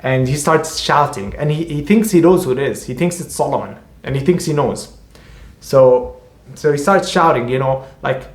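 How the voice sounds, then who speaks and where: Rambling man in an echoey room. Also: medium pitch. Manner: rambling, halting, many fillers and restarts. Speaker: author. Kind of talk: casual book discussion.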